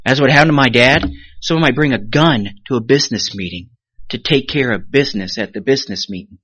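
A man preaching a sermon as pastor, animated, rising sharply then dropping to a hush, and briefly acting out the voices of the people he quotes. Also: medium pitch, brisk, husky, no echo, highs cut off. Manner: animated preaching with sudden rises and hushed drops; acts out quoted voices of the congregation.

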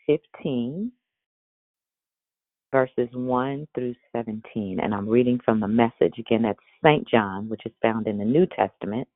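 Older lady doing a daily devotional, expressive and animated, sounds like it's over a phone, really dry. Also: a bass voice, dry recording. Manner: expressive, uses voice inflection. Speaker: devotional host. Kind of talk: live devotional teaching. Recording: tinny phone-like line.

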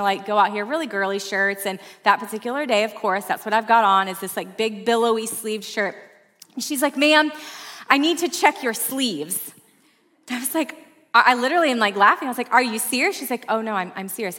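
A woman pastor preaching a sermon, telling a personal story with lively asides to the congregation. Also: sits high.

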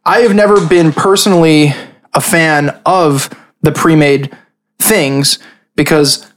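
Male podcast host, slightly higher voice, loose and rambling, quick to laugh. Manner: rambling, animated, laughs often. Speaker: podcast host and dungeon master. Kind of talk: casual podcast chat.

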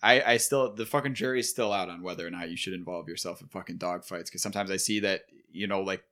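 A man's voice: low-pitched, fast talker, bright, forceful tone. A man co-hosting a podcast in casual chat, profane, opinionated and wry.

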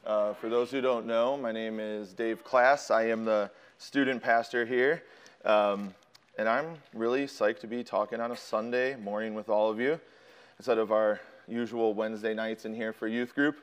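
Smooth-voiced man telling a sermon story. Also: fairly low pitch, fairly even intonation, moderate pace. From Chicago. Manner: casual, self-deprecating, frequent ums. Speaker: student pastor.

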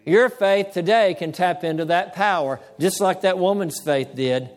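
A man preaching a sermon as pastor, calling for amens and slowing down to stress key words. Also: sits high, big-room sound.

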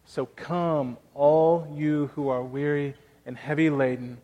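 A man's voice: a little high, flat delivery, slow pace, dark tone, in a large hall. A man in his thirties preaching a sermon as pastor, earnest and conversational, telling personal stories.

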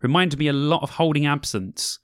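A man's voice: fairly high pitch, normal speed, a bit bright, no room sound. Young guy on a podcast, rambling with ums and likes, dry close mic. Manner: rambling, lots of ums and likes, explains eagerly. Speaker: podcast co-host. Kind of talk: casual chat reviewing festival bands.

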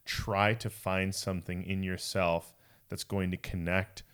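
Low-voiced man talking reflectively. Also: flat delivery, a little slow, fairly bright tone, clean tone. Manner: reflective, searching for words with many fillers. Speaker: church speaker. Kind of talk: conversational talk in a church series.

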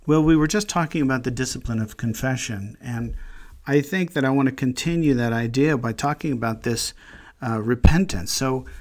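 Slow, reflective man leading a devotional. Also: medium pitch. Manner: slow, reflective, gently earnest; pauses mid-phrase, restarts thoughts. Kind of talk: devotional meditation.

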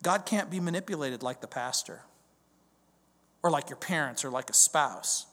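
A male pastor preaching a verse-by-verse sermon, swinging from loud declarations to hushed questions. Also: fairly high pitch, moderate pace, long reverb tail.

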